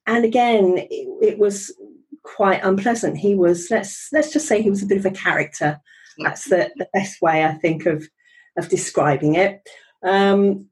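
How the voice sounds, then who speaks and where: Husky, mellow middle-aged woman. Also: lowish voice, poor audio. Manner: chatty and wry, with frequent ums and restarts. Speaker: guest telling her career story. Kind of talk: conversational storytelling.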